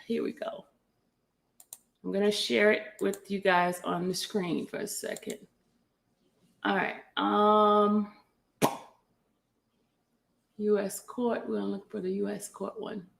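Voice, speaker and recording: A woman's voice: mid-range voice, vocal fry, fairly bright tone. A woman hosting a casual livestream, chatting with viewers by name and reading documents aloud, stopping now and then to cough. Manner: chatty, greets viewers by name, apologetic asides. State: coughing, catching her breath. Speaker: livestream host.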